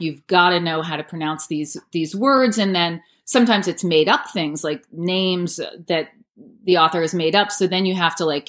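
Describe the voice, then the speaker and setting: A woman in her thirties with a fairly low voice talks about her narration work. She is relaxed and chatty, filling her answers with "like" and light asides. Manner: chatty, with many "like" fillers and light laughs. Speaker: audiobook narrator and voice actor. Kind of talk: casual interview answers.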